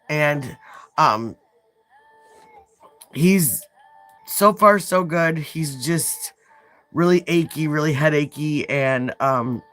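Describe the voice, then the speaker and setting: Stuffed up with a sinus cold, a Midwestern woman in her thirties chats and rambles on her nail art livestream, poking fun at herself along the way. Her voice is deep with a bit of brightness.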